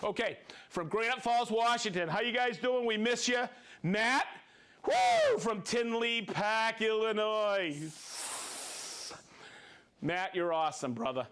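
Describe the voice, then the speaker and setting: A man's voice: high-pitched, a little slow, a bit bright, clean tone. A man hosting a livestream, reading out viewer names and hometowns with upbeat cheering and chatty asides. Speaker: livestream host. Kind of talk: reading viewer shout-outs.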